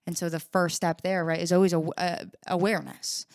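A woman's voice: on the low side, flat delivery, a little fast, a little mellow, no echo, studio quality. A woman co-hosting a recovery workshop talk, explaining ideas casually with frequent "right?" checks and acted-out examples. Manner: acts out an anxious inner voice in examples. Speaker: podcast co-host.

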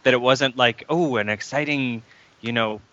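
Skeptical bright-voiced man, podcast. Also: medium pitch, moderate pace, highs cut off. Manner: skeptical, dismissive, stammers. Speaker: podcast co-host. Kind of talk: casual podcast chat about games.

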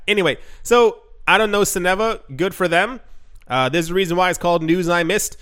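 A man's voice: high-pitched, moderate pace, fairly bright tone. A man hosting a casual crypto news show, reading headlines with sarcastic asides and frequent restarts.

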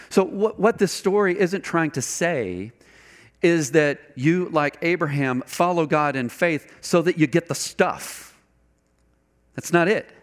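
A man preaching a sermon, animated and conversational, asking the congregation rhetorical questions. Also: on the high side. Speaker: pastor.

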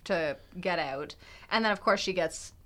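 A woman's voice: on the low side, moderate pace, fairly bright tone. A young woman co-hosting a podcast, thinking aloud in casual analytical chat with many fillers and restarts. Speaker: podcast co-host.

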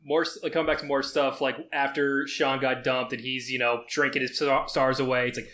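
A man's voice: medium pitch, flat delivery, a little fast, a crowd in the background. A man co-hosting a film podcast in casual chat, animatedly acting out movie quotes. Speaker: podcast co-host.

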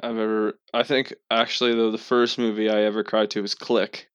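A man's voice: fairly low pitch, little pitch movement, fairly quick, a bit bright, clear, resonant tone, dry recording, lo-fi sound. A man hosting a casual podcast, telling crude, joking stories. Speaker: podcast host.

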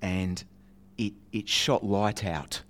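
A man with a fairly low voice gives a storytelling sermon. He talks in a chatty, self-mocking way, restarts often, and throws in playful sound effects as he tells the tale. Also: slow, a bit bright. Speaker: preacher.

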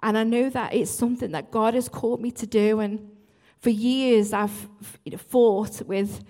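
A woman's voice: on the high side, steady tone, normal speed, mellow. Earnest woman worship leader giving a testimony. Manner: earnest, self-interrupting, apologetic asides. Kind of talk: church talk, testimony.

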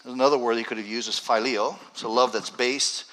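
Man, pastor, conversational sermon, bright forceful tone, mid pitch. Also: steady tone, rough recording. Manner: conversational, builds to urgent raised passages; reads scripture slowly and deliberately. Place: church sanctuary with congregation.

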